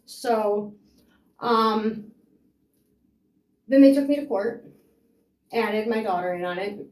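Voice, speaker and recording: A woman tells her own story of a custody fight, sounding frustrated and rambling with lots of fillers. Her medium-pitched voice is slow and darkish, and the recording has a roomy echo.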